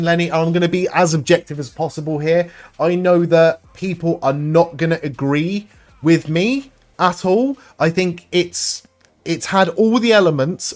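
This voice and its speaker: A man hosting a live stream, chatting casually with viewers, rambling and swearing freely. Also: a little high. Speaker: livestream host reading chat.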